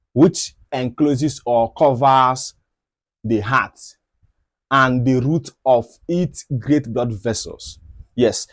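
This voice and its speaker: A man's voice: medium pitch, dry recording, clean studio sound. Man giving an anatomy lecture, questions. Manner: repeats key points, asks rhetorical questions. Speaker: medical educator. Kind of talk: anatomy lecture over diagrams.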